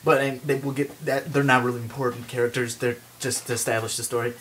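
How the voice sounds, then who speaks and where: A young man rambling through a movie pitch, full of "like" and restarts, now and then breaking into silly voices. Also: flat delivery, quick pace, fairly bright tone, slight background noise. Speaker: vlogger pitching a movie idea. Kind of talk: rambling comic monologue.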